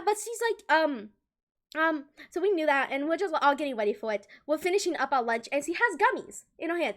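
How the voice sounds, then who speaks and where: Giggly young woman streamer, lively pitch. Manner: giggly, animated, acts out quotes. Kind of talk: casual storytelling to live chat.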